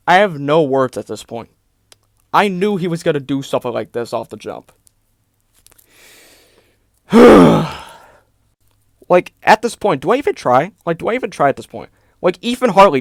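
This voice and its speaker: A man with a high voice delivers an exasperated commentary rant, packed with "like" and "bro". The sound is dry and close, with no room echo. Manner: exasperated, fills talk with "like" and "bro". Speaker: YouTube commentator.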